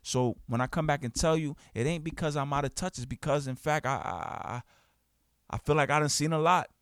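Animated slangy male podcast host. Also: on the high side, fairly quick, no echo, studio quality. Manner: animated, emphatic, slangy storytelling with quoted voices. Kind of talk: casual podcast monologue. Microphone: studio podcast mic.

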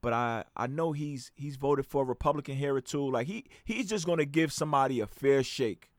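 A young man hosting his own podcast, talking in a casual, animated way with slang and frequent restarts. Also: mid-range voice, fairly quick, no echo, studio quality. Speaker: podcast host.

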